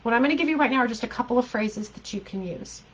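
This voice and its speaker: A woman's voice: on the high side, fast talker, low-quality recording. A woman life coach giving an earnest, emphatic talk to a group, repeating key phrases and laughing now and then.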